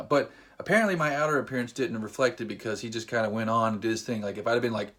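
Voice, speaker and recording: A man's voice: mid-range voice, fast talker. Man telling a story to camera. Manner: animated, self-deprecating storyteller. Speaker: vlogger. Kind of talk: casual storytelling.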